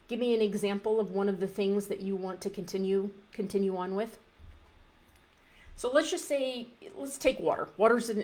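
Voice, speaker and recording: A woman's voice: medium pitch, a little mellow. A woman dietitian coaching a live group in a conversational way, often restarting phrases and acting out an inner voice.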